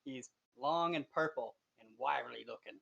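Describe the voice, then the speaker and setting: A man's voice: medium pitch, normal speed, creaky, a bit bright, muffled recording. A man narrating as game master of an online tabletop game, describing scenes in a loose way with many fillers.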